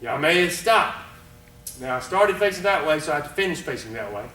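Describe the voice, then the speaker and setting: Guy teaching karate, counting moves loud, kinda high voice, echoey room w/ mic far away. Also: animated, fairly quick, a little hiss or hum. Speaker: karate instructor. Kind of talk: live class instruction.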